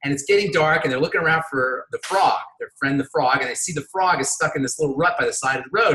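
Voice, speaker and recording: A man who works as a pharmacist, guesting on an interview show and telling jokes as a lively storyteller. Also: fairly high pitch, fast talker, reverberant, poor audio. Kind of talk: casual interview chat.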